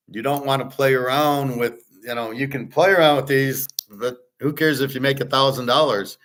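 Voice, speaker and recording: A man's voice: medium pitch, normal speed, few pauses, fairly bright tone, rough recording. A middle-aged man hosting, talking in a blunt, opinionated, rambling way and swearing at times. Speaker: host. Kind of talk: casual rambling monologue.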